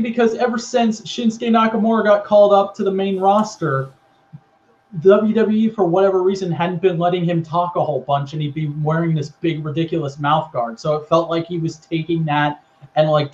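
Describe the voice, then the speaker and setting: Animated man telling a story, muffled audio. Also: a little high. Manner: animated storytelling, acting out quotes. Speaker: podcast co-host. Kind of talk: casual recap of wrestling storylines.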